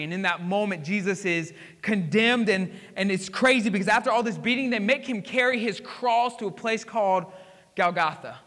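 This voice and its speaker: High bright preacher in a big hall. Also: male voice, moderate pace. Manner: dramatic storytelling, swinging from hushed to emphatic. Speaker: pastor. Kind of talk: sermon. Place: church sanctuary.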